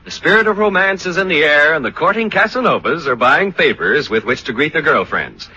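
A man announcing and narrating a 1940s radio comedy show in a brisk, showy delivery. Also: on the high side, lively intonation, pushed and bright, slightly rough, lo-fi sound.

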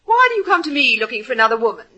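An actress playing a flirtatious, theatrical rich woman who teases in a breathy, drawn-out way, in 1940s radio acting. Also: fairly high pitch, big pitch swings, bright, forceful tone, poor audio. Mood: teasing. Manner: breathy, teasing, drawn-out purring.

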